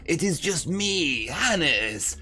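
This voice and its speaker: A man voicing a pompous, self-proclaimed almighty male psychic who speaks slowly and grandly, flirting. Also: on the high side, sing-song, sharp tone, faint music behind, voice pushed up, exaggerated voice. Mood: grandiose.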